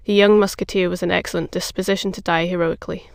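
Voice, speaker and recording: Audiobook narration, gravelly, flat delivery, dry close sound. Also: mid-range voice, dry recording. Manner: even, measured reading. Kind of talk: scripted narration.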